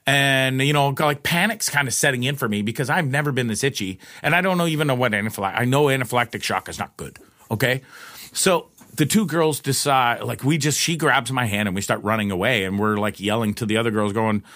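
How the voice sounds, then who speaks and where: A man's voice: brisk, no room sound. Brief: man, casual storyteller, swears freely, rambles and restarts, dry close sound. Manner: profane, rambling, restarts often; animated retelling, pitch jumps in quoted lines. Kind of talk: casual personal anecdote.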